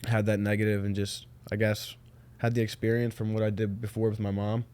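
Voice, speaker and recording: A young man speaks as a podcast guest, with a smooth, resonant voice and a warm, mellow tone. His delivery is laid-back and flat, with a few fillers along the way. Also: on the low side, fairly quick. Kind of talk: casual chat.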